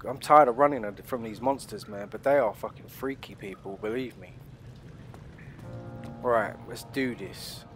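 A man, hosting a horror game let's play, loud and profane, constantly calling out to his viewers. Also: medium pitch, measured pace, faint music behind. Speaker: gaming channel host.

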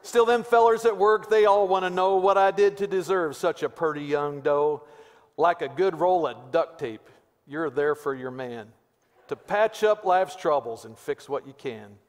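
A man voicing a folksy Texas redneck husband who recites a love poem in a slow, hammy drawl, recorded in a reverberant church sanctuary. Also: a little high, pitched above the performer's own voice, lightly acted.

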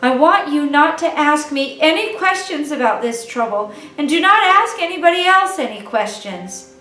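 Woman as a gentle worried mother. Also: high-pitched, animated, pitched above the performer's own voice. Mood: tender. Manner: soft, tender, slow. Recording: echoey room, distant mic, faint music.

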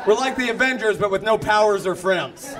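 A young man doing a stand-up comedy set, telling self-mocking stories and shouting out punchlines. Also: high voice, a little fast, noisy background. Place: comedy club with a live audience. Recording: live club recording with crowd. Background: audience laughter.

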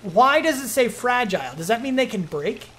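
A man's voice: very high-pitched, big pitch swings, normal speed, pushed and bright, a little hiss or hum. A man commenting casually as he plays a video game, talking to himself and his viewers and reacting with surprise. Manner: chatty, self-talking, easily surprised. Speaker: gaming streamer. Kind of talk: let's play commentary.

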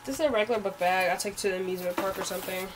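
Young woman, american, haul vlogger, chatty rambling delivery, mid pitch, light background noise. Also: fairly even intonation, racing. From United States. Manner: rambling, says "like" a lot. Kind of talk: casual haul vlog.

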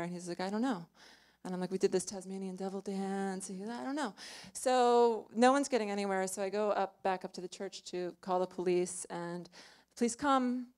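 A woman's voice: medium pitch, a little mellow, smooth. A young woman telling a true story on stage in a small club, chatty and self-mocking, full of "like" and "you know.".

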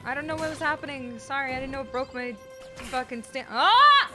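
A woman streaming a video game, swearing and yelling in frustration, then muttering to herself. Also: sits high, steady tone, quick pace, music in the background. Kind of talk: casual gameplay commentary.

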